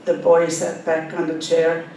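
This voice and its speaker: A woman in her seventies with a Finnish accent, a Finnish speaker, reading her own novel aloud in an unhurried way with soft fillers, then talking about her characters. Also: monotone. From Finland. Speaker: author. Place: library event hall. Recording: echoey hall, speaker far from the mic, faint rumble.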